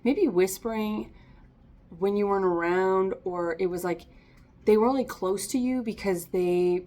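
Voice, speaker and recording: A woman reads tarot cards aloud in a loose, conversational way. She is encouraging and chatty, with frequent laughter. Her voice sits at an ordinary middle pitch for a woman. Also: measured pace, mellow. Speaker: tarot reader. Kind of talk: casual tarot reading to camera.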